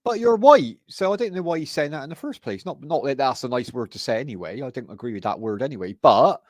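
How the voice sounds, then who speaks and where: A man's voice: medium pitch, expressive, fast, dry recording. A man hosting a casual livestream chat, reassuring his guests and calling them "man" and "brother". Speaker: livestream host.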